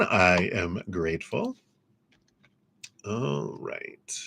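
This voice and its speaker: Low-voiced man giving chatty tarot readings. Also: expressive, measured pace. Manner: upbeat, chatty, laughs often; gentle spiritual encouragement. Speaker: tarot reader.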